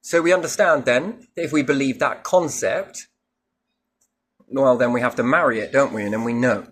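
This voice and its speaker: Man, husky mid-range voice, thinks out loud and quizzes himself, loose spiritual talk. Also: mid-range voice, moderate pace. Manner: musing, asks himself questions, casual swearing. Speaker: speaker musing on faith. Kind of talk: rambling spiritual monologue.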